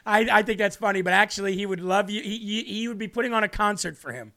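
A man's voice: high voice, fast, sharp tone. A man hosting a livestream devotional, talking fervently and reading viewer comments aloud. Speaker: online preacher.

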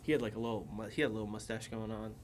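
Racing along in a fairly low, slightly mellow voice with little pitch movement, this young podcast co-host chats casually. He laughs often and performs quotes from others, and a faint hiss or hum sits under the recording.

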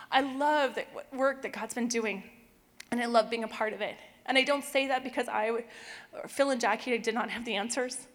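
A middle-aged woman with a somewhat high voice tells a personal faith story to a church audience. She gets emotional and laughs easily. Her voice rings out with long reverb in a large hall. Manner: emotional, tearful at moments, laughs often. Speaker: church speaker sharing testimony. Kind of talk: personal testimony talk.

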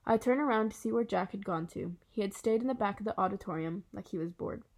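A woman narrating a first-person children's novel. Her delivery is soft and earnest, at a plain mid pitch. She tells the story in a steady storytelling voice. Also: quick pace. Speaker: audiobook reader.

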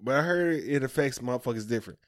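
A man co-hosting a podcast, talking in a loud, profane, teasing way. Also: medium pitch, expressive, fast talker. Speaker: podcast co-host. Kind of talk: casual chat.

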